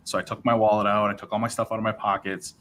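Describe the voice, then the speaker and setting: A livestream host with a fairly low voice and quick pace tells his sobriety story, rambling in a casual, animated way. He acts out dialogue and keeps tossing in fillers like "right?" and "bro," with a little hiss or hum in the background.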